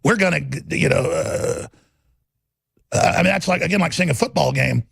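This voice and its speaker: Gravelly combative talk show host man. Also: on the high side, moderate pace, fairly bright tone, no room sound. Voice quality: gravelly, husky voice. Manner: combative, rambling, acts out quoted voices. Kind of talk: political talk show monologue.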